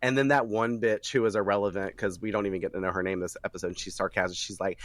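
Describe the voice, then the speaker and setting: A man hosting a podcast, recapping a TV episode in casual chat, animated, laughing often and swearing freely. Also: sits low, quick pace, hardly any pauses, no echo.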